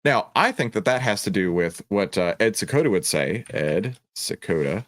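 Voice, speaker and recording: A man's voice: lowish voice, expressive, normal speed, few pauses, no echo. Man, middle-aged, trading lesson host, emphatic and preachy, rhetorical questions, dry close sound. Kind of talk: energetic stock-chart walkthrough.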